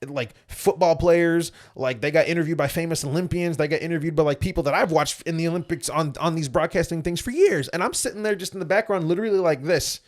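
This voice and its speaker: A man's voice: on the high side, fast, hardly any pauses. A young adult man, a former Olympic athlete, chatting as a guest and telling stories animatedly. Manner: animated, acts out other people's voices. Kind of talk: casual storytelling chat.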